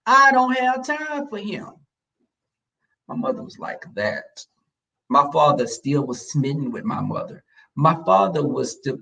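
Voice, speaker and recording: A man's voice: medium pitch, creaky, distant mic, lo-fi sound. A man telling family stories in casual chat, blunt and slangy, acting out the voices of the people he quotes. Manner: animated, acts out quoted voices.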